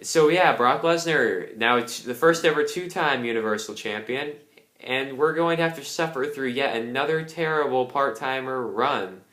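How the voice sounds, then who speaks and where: A man's voice: mid-range voice, moderate pace, fairly bright tone. A young man giving a casual, angry ranting review, swearing a lot. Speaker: wrestling reviewer. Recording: roomy echo.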